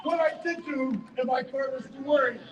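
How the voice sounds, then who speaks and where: A man giving an emotional, stammering speech at an outdoor protest rally, heard through an echoey loudspeaker from a distance. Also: very high voice, moderate pace, dull audio, over a noisy crowd, heavy background noise. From Canada. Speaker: rally speaker, business owner. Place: outdoor city square rally.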